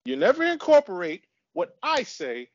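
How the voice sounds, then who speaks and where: A man's voice: high voice, wildly swooping pitch, moderate pace, dry recording, lo-fi sound. A man co-hosting a casual podcast chat, arguing in a heated way and repeating himself. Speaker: podcast co-host.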